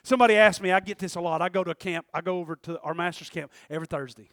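A man's voice: high voice, very fast, fairly bright tone, no room sound, studio quality. A man preaching a sermon in a loose, conversational way, laughing often and acting out quoted voices.

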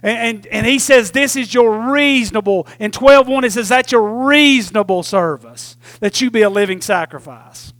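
High-voiced preacher asking "Amen?". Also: male voice, moderate pace, few pauses, a bit bright, no echo. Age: 40s. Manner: call-and-response preaching, repeatedly asking "Amen?"; folksy Southern phrasing with "y'all". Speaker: pastor. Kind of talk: sermon.

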